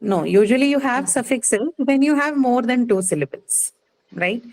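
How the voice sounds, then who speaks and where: A woman's voice: fairly high pitch, lively intonation, moderate pace, darkish tone, rough recording. A woman teaching a class, patiently explaining and checking that students follow with frequent "okay"s. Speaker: English teacher. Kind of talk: live online class lecture.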